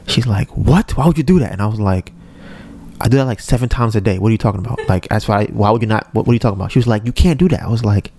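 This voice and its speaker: A man co-hosting a casual podcast, telling a joking, animated story about home life. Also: lowish voice, dry recording. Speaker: podcast co-host.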